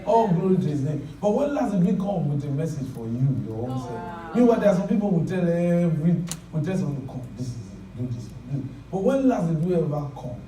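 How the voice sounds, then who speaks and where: A man's voice: a little high, very animated, brisk, a little hiss or hum. A man preaching a sermon, telling stories with laughing asides and leading the crowd in prayer. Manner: anecdotal, laughing asides, shouts prayer lines for the crowd to repeat. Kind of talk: sermon with call-and-response prayer. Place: large church hall with congregation. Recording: echoey hall, distant, loud crowd.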